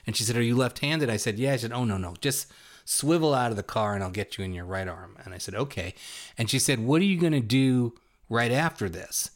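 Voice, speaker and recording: A man's voice: mid-range voice, animated, brisk. Wry man in casual chat.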